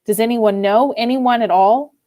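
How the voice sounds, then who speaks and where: A woman's voice: fairly high pitch, moderate pace, warm tone, no echo, studio quality, lightly acted. A woman voicing an anxious, devoted young wife who speaks in an earnest, pleading way.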